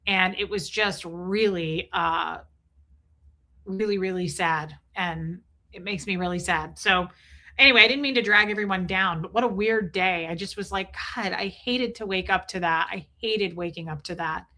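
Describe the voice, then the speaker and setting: Her voice sits fairly low, bright and forceful, at an ordinary speed. She's a middle-aged livestream host rambling through casual, emotional chat while thanking viewers as they come in.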